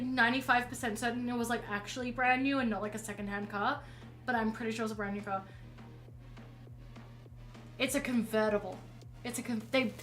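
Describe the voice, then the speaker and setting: A woman's voice: on the high side, a bit bright, low-quality recording. A woman streaming while painting, telling a rambling story in casual chat and often correcting herself. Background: faint music.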